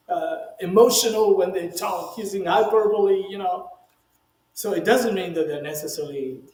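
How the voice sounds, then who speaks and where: A male rabbi teaching in a relaxed, conversational way, his voice sitting a little high for a man. He leans hard on key words and jumps up in pitch whenever he voices a quoted speaker. The sound carries a noticeable room echo. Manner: emphatic, reads quoted speech in a raised voice, many "you know" asides. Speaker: rabbi teaching the weekly Torah portion. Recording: roomy echo.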